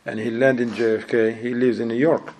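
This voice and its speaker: A man giving an informal sermon, telling a story in an animated way, acting out the people in it and mixing in phrases. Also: mid-range voice, a little fast, slight background noise, low-quality recording. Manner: animated storyteller, acts out quotes, sprinkles Arabic phrases. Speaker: Islamic preacher.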